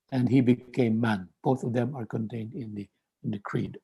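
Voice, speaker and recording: A man lecturing on theology in a measured way, often repeating words and restarting phrases. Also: medium pitch, steady tone, vocal fry, dark tone, husky.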